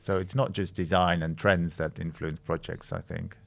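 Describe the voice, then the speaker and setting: Low gravelly man from the Netherlands. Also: little pitch movement, moderate pace. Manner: thoughtful, with frequent hesitations and restarts. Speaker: guest, creative director of a design studio. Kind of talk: conversational podcast interview.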